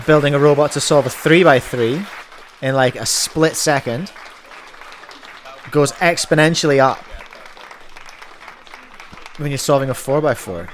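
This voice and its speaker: A man's voice: on the high side, a bit bright, slight background noise. A married man, hosting a podcast and chatting casually as he reacts to videos with playful, jokey asides. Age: adult, married.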